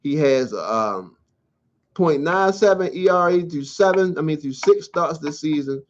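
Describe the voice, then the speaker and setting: A man hosting his own sports talk show, ranting in loose slang and swearing freely about his team. His voice sits a little high for a man. The recording is dull and low-fi. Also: animated, measured pace, a little hiss or hum. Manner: blunt, profane, ranting, conversational slang. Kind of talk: solo sports rant show. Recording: dull lo-fi sound.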